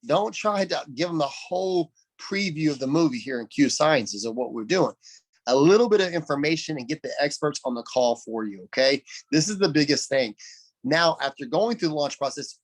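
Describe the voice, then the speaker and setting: A man leading a team call, coaching in an energetic, emphatic way and repeating phrases for stress. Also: on the high side, moderate pace. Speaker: network marketing team leader. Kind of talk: coaching talk on a group call.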